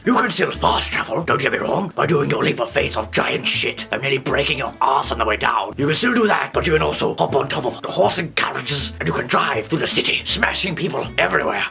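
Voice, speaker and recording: A man's voice: a little high, gravelly, pushed and bright. A young British man from England doing a comedic, sweary game review, rambling off on tangents and bursting into song.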